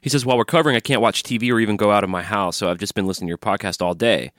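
A podcast co-host with a fairly low, fairly bright voice talks at a racing pace, recorded on a studio microphone with clean sound and no echo. Upbeat and crude-humored, he chats casually, plugs the show and reads emails.

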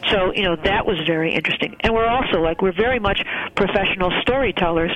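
A woman's voice: mid-range voice, quick pace, a bit bright, rough recording. Earnest woman guest, rambling storyteller. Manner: earnest, rambling, with many fillers and restarts. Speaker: guest, ceremony celebrant. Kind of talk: conversational interview storytelling.

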